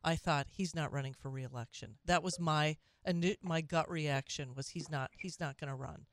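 A woman's voice: sits low, normal speed. A woman hosting a call-in talk radio show, speaking conversationally with frequent restarts and asides.

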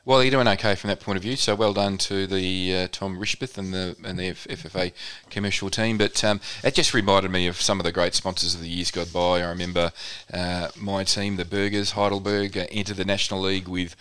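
A man's voice: low voice, flat delivery, fairly quick, few pauses, fairly bright tone, smooth. A man co-hosting a casual football chat, rambling with many ums and restarts. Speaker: podcast co-host.

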